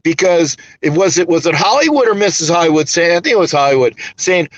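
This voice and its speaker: Rambling high-voiced man on a dull line. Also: animated, quick pace, hardly any pauses. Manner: rambling, emphatic, profane. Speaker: podcast host. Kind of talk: casual sports podcast chat.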